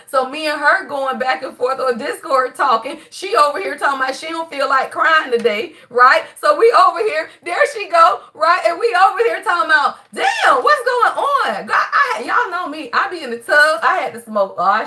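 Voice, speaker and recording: Woman, 30s, crisp and high; casual, swearing live reader talking to viewers. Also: sharp tone. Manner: loose, profane, talks straight to viewers. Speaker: spiritual reader on a livestream.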